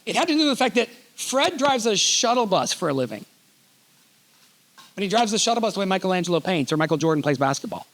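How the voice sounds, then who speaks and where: A middle-aged man giving an animated storytelling keynote on a conference stage, joking as he goes. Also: high voice. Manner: animated, reads letters aloud, jokey asides. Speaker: keynote speaker.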